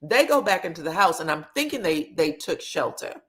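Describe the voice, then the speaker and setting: A woman's voice: lowish voice, big pitch swings, a little fast, a bit bright. A woman recapping reality TV in a casual gossip style, acting out the people she quotes, laughing and swearing as she tells it.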